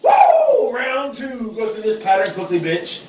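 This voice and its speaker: A man's voice: high-pitched, moderate pace, far from the mic, noisy background. A man, talking casually to camera in a profane, joking vlog, whooping as he goes. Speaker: vlogger. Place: outdoor shower. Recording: echoey, from off the mic, with running water.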